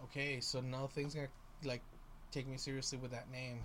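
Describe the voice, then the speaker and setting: A man's voice: medium pitch, level tone, a little fast, a bit bright, slight background noise. A man co-hosting a podcast, easygoing and joking in rambling casual banter. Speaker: podcast co-host.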